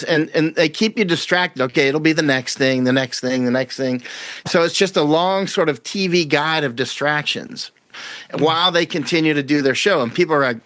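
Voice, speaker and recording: A guest commentator with a slightly high, somewhat bright voice talks at normal speed in a dry, close recording. In this casual interview he rambles, repeats words and acts out the voices of people he quotes.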